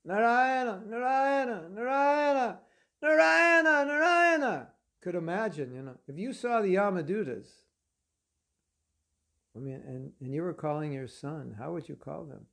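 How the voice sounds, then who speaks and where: Brief: male spiritual teacher, lively storyteller, chatty with fillers, gravelly voice pitched a little high. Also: moderate pace. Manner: animated storytelling, conversational with fillers. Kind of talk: lecture to an online class.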